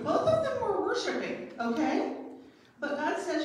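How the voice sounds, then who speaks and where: A middle-aged woman pastor giving a children's sermon and then a sermon, playful and gentle with the kids, then measured. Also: very high voice, very animated, slight background noise. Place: church sanctuary. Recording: very echoey church from far off.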